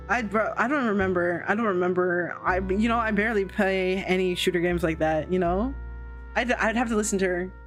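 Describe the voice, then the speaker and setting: A woman's voice: medium pitch, fairly quick. Woman streamer, playful, giddy, casual swearing, faint music behind. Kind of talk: casual chat while reading a game aloud.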